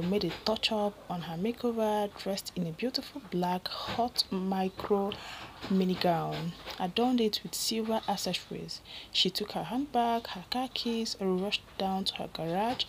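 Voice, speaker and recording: A Nigerian woman narrating a romance story in a plain, steady reading voice. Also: mid-range voice, background noise.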